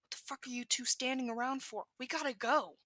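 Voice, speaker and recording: A woman voicing a furious, foul-mouthed teenage boy who shouts and swears. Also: high-pitched, fairly even intonation, fairly quick, no echo, studio quality. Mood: yelling.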